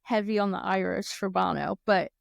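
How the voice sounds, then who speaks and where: She co-hosts a relaxed podcast, chatting, laughing frequently and recounting things, with fast pitch changes when quoting. Her intonation is fairly even and her voice creaky. There's no echo, and the quality is studio-grade.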